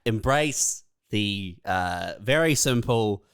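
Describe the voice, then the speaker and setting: Smooth-voiced wry male co-host. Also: fairly low pitch, expressive, slow pace, fairly bright tone, no room sound, clean studio sound. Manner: wry, teasing, laughs often. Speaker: comedy podcast co-host. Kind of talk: casual comedic banter.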